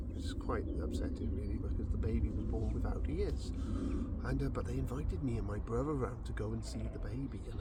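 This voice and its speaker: Male vlogger by a lake: chatty, rambling, animated pitch, noise behind. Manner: rambling, joke-telling, chatty. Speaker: angling vlogger. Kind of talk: casual chat with jokes. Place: lakeside, outdoors. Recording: outdoor recording with clear background noise.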